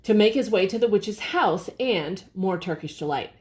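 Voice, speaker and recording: An older woman reading a picture book aloud to her grandchildren, gently explaining words and pointing out the pictures. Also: mid-range voice, lively intonation, moderate pace. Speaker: storybook reader.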